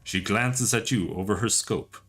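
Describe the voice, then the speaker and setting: A man's voice: lowish voice, measured pace, fairly bright tone. A man narrating a game aloud on a stream, with a dramatic storytelling delivery.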